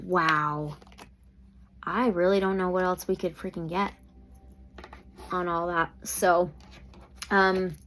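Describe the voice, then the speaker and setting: A woman's voice: fairly low pitch, steady tone, takes it slowly, pauses often, a bit bright, slight background noise. A woman doing a tarot reading, thinking aloud and often exclaiming. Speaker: tarot reader.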